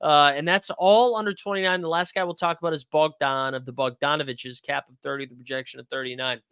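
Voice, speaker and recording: High bright-voiced joking stream host. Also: male voice, fairly even intonation, fast, clear, resonant tone, no room sound, studio quality. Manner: joking, rambling, profane. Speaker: host of a fantasy sports live stream. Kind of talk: casual live-stream commentary.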